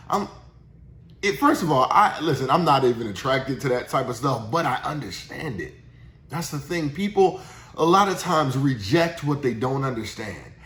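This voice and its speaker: A man's voice: on the high side, a bit bright, echoey room. A man giving a casual motivational talk as a sales trainer, chatty and full of tag questions. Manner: chatty, uses tag questions and frequent restarts.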